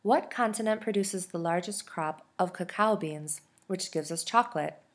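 A woman's voice: fairly low pitch, moderate pace, lightly acted. A woman voicing a kind but no-nonsense older caregiver. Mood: encouraging.

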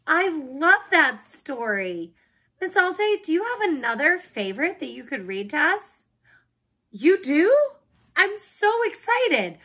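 Woman childcare host for little kids; high, bright, slow and encouraging. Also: sing-song. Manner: enthusiastic, encouraging. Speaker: circle time host, childcare teacher. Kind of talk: addressing young children.

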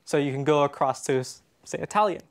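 A Canadian man speaks on a conference stage in a fairly high voice. His talk is casual and conversational, full of "um"s and restarts. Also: quick pace, clean tone. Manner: casual, chatty, with frequent fillers and restarts. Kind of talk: conference presentation.

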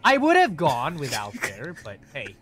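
A man chatting casually on stream, excitable and prone to squeals and giggles. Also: on the high side, unhurried, music in the background. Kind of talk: casual chat.

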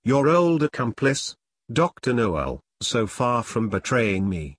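A man voicing a stern nobleman prince in an audiobook, speaking gravely and formally. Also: mid-range voice, a bit bright, dry recording, studio quality.

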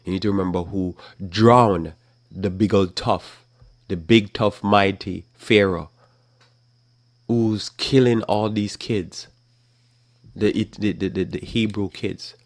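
A man preaching Bible commentary on his live talk program, scolding and forceful, mocking the voices of people he disagrees with and often restarting his words. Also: on the low side, fairly even intonation, slow, dry recording, clean studio sound. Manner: casual speech with repeated restarts.

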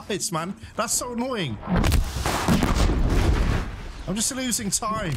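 Let's-player, male, slightly high and lively voice, cursing at the game, loud game audio behind. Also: normal speed, very noisy. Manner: talks to viewers, swears and laughs when frustrated. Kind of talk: live gameplay commentary. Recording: loud game sounds under the voice.

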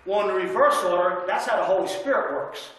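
A man with a high, light voice preaches in a folksy, conversational manner, telling stories and drawing amens from the congregation. His voice rings through a very echoey church room. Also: fairly quick, fairly bright tone. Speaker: guest preacher. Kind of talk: sermon with storytelling. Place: church sanctuary.

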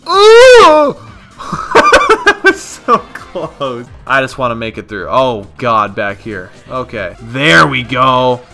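Excitable, swearing young gamer man. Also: mid-range voice, measured pace, creaky, few pauses, faint music behind. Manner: excitable, profane, yells and talks to himself. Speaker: gaming YouTuber. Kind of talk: gameplay commentary.

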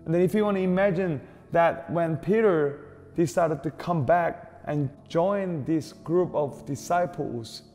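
A man preaching a sermon as pastor, slow and deliberate, stressing repeated questions. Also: a little high. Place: church hall. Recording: reverberant hall with soft music behind.

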